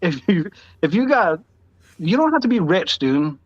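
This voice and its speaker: A man's voice: high-pitched, very animated, normal speed. Male podcast guest, raised voice, laid-back slangy storyteller, muffled dry track. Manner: slangy, peppers talk with "dude" and "bro". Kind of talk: casual storytelling. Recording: dull, dry lo-fi sound.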